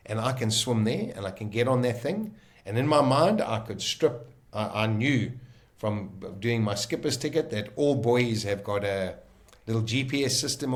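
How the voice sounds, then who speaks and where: A man recounts his survival story in a vivid, emotional way. He often stops and restarts mid-sentence as he searches for words. His voice sits at an ordinary middle pitch. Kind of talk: casual storytelling.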